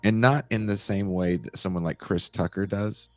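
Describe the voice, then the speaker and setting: A man's voice: low voice, no echo, soft background music. A man hosting a podcast, chatting casually and animatedly about old movies. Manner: animated, laughing, quick asides. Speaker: podcast host.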